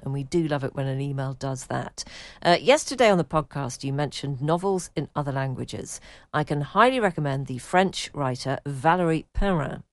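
A woman with a low voice hosting a podcast, reading listener emails with dry, playful humour. The sound is close and dry, with no room echo. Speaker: podcast host.

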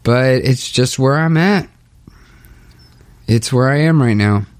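A young man speaking a hesitant, halting confessional monologue, restarting often and sounding dejected. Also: mid-range voice. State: low and dejected. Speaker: podcaster documenting his spiritual journey.

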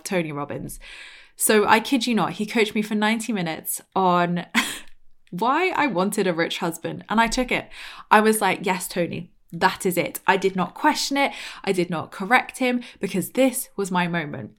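A woman's voice: mid-range voice, a bit bright. Chatty British woman telling a story. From Britain. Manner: chatty, lots of "like", acts out quoted lines. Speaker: podcast host. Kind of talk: casual storytelling monologue.

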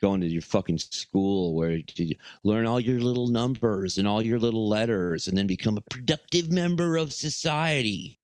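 A man's voice: on the low side, normal speed, hardly any pauses, dry recording, close to an everyday voice. A man playing a petulant grown son who swears and complains to his mother. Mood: whiny. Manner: swearing, whiny, defensive. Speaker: podcast co-host. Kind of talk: improvised comedy bit.

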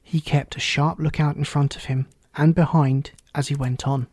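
A man narrating a children's storybook aloud in a steady, clear reading voice. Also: a little high, moderate pace, no room sound.

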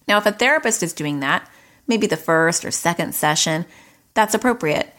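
A woman's voice: lowish voice, fairly bright tone. Direct woman podcast host explaining. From New York. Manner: direct and explanatory, quick asides. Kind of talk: educational podcast talk.

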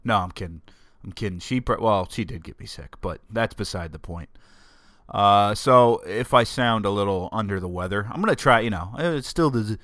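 A man's voice: fairly low pitch, animated, normal speed, a bit bright, dry recording, clean studio sound. A man with a sore throat hosting his own podcast from a home office, rambling and joking at his own expense. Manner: joking, self-mocking rambling. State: sore throat, under the weather. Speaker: podcast host. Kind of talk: casual solo podcast monologue. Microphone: desk microphone.

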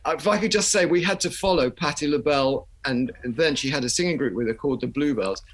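A man's voice: on the high side, fast. An older man, a musician guest, telling chatty anecdotes in an interview and laughing as he goes. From England.

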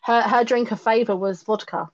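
A woman's voice: fairly high pitch, fairly even intonation, normal speed, muffled recording. A woman in her late thirties, a podcast guest speaking frankly and reflectively in a candid personal conversation, often laughing at herself. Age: late 30s.

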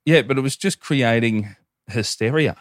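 A man in his thirties, co-hosting a casual podcast, telling crude, profane stories with animated quoted voices. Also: mid-range voice, normal speed, no room sound, clean studio sound. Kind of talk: casual chat, storytelling.

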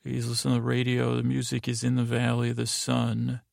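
A man's voice: mid-range voice, monotone, a little fast, a little mellow, no echo, studio quality. A man hosting a podcast, recapping a TV episode in a rambling, plain way with many fillers, quoting each character in his own voice. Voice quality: gravelly. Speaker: podcast host. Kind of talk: sleepy, meandering episode recap.

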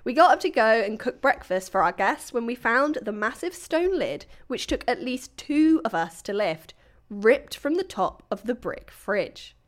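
A young woman with a slightly high voice reads a listener's story to her co-host. She keeps the telling chatty and breaks into giggles along the way. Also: big pitch swings, a little slow. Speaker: podcast co-host. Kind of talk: casual chat, reading a listener's story aloud.

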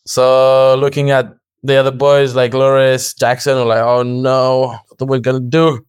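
Animated man telling a story. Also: medium pitch, smooth, no room sound, clean studio sound. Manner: animated, acts out quoted dialogue, laughs often, swears. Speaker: podcast guest. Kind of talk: casual storytelling.

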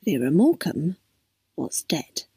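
A woman narrating a story aloud, unhurried and expressive. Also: deep voice, slightly rough, no echo, studio quality.

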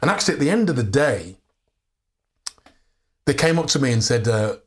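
A man's voice: mid-range voice, moderate pace. An English actor, a man, telling anecdotes as a guest in a candid interview, restarting sentences and laughing often. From England. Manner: animated storyteller, many restarts and laughs.

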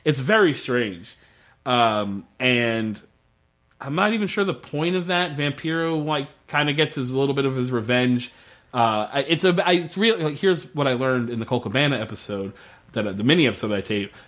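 A man's voice: medium pitch, lively intonation, normal speed, a bit bright. A man hosting a podcast, recapping in casual chat with frequent swearing and wry, enthusiastic remarks. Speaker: podcast host.

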